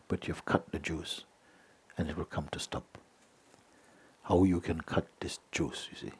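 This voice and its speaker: Low, husky-voiced man giving a gentle spiritual talk. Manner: gentle and unhurried, often asks "you see?" and "hmm?"; drops to a soft whisper at times. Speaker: spiritual teacher. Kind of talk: satsang talk answering a letter.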